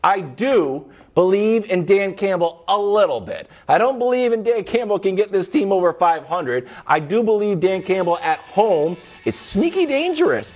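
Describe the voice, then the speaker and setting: A man co-hosting a football show, his high voice swinging widely as he hypes his picks. He jokes at his own expense and makes picks in a playful tone. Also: very animated, normal speed, few pauses, soft background music. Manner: playful, self-mocking hype. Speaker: sports show co-host. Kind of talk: bantering football picks talk.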